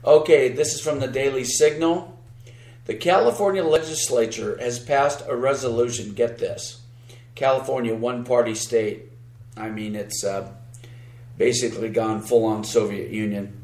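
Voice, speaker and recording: A man's voice: mid-range voice, fairly even intonation, normal speed, a little mellow, reverberant. A man co-hosting a podcast, giving sarcastic, combative political commentary and reading news aloud with asides. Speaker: podcast co-host.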